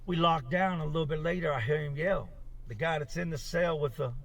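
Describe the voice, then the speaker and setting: A gravelly, husky man tells a rambling story in a casual, animated way. His voice sits a little high and sounds set back from the microphone, as if it is playing from a clip. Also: brisk, distant mic. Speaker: former inmate telling a jail story.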